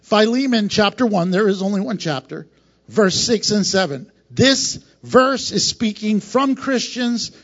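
A man with a high voice preaching a sermon, pressing points hard and then dropping to a hushed tone. The recording sounds dull and lo-fi. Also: animated, measured pace. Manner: preaching with emphatic swings between loud and hushed. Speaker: pastor.

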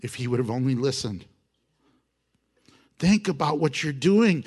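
A man preaching a sermon, exhorting his listeners with animated emphasis and chuckles. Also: on the high side, a little slow.

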